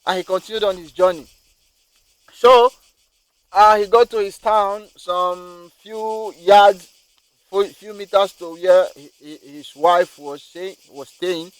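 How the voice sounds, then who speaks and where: A man tells a moral story in a fairly high voice, rambling along with repeated words and restarts as he goes. His delivery is loose and unscripted. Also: slow pace, poor audio.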